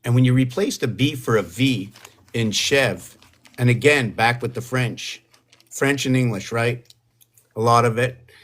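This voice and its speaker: A man's voice: mid-range voice, unhurried, fairly bright tone. Man rambling through a home livestream. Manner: rambling, musing aloud on words and numbers. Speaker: livestream host. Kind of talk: casual livestream chat.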